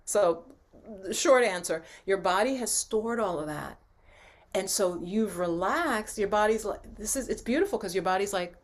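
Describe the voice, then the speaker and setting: A woman's voice: medium pitch, expressive, normal speed. A woman guiding a relaxing acupressure session, soothing and chatty with many fillers. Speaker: yoga and acupressure instructor. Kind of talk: guided session with casual talk.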